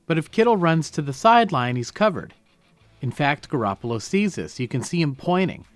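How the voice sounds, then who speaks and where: A man's voice: a little high, no room sound. A man breaking down football game film, explaining each play and stressing key words.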